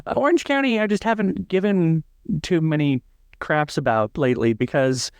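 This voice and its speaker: A man co-hosting a chatty podcast, his voice sitting somewhat high for a man. He rambles and jokes, restarting his sentences often. The sound is dry and close to the mic. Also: moderate pace, smooth, no room sound. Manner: rambling, joking, with many restarts. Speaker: podcast co-host. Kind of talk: casual chat.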